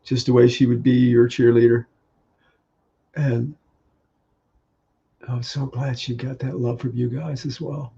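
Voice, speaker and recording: A man giving a halting, tearful memorial tribute on a video call, laughing through his grief. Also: medium pitch, little pitch movement, gravelly, warm tone, breathy edge, lo-fi sound. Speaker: grieving husband sharing memories.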